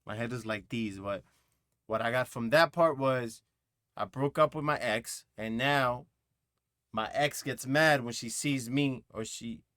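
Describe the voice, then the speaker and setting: A man's voice: medium pitch, a little slow, fairly bright tone, no room sound, studio quality. A man hosting a music reaction video, thinking aloud in a rambling, casual way with lots of fillers and asides.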